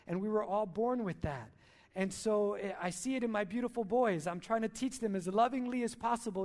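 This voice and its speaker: A man's voice: high-pitched, a little fast, a little mellow. A male pastor preaching a sermon at a church service, emphatic, repeating key lines and asking rhetorical questions.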